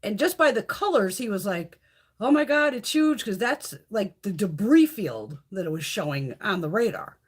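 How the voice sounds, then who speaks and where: A woman's voice: medium pitch, sing-song, normal speed, few pauses, husky. A middle-aged woman hosting a casual live stream, chatting freely with viewers, swearing a lot and reading out their comments. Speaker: beauty channel host.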